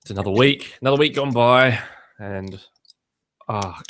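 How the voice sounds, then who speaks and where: A man's voice: mid-range voice, moderate pace, fairly bright tone. A man co-hosting a writing podcast in casual chat, telling stories with lots of fillers and jokes. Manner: chatty, jokey storyteller with frequent fillers. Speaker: podcast co-host. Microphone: remote call, some echo.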